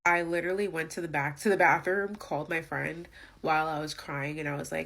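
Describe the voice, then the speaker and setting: A woman's voice: low voice, steady tone, a little fast, creaky, a bit bright. A young woman vlogger telling an indignant storytime rant, emphatic and full of fillers.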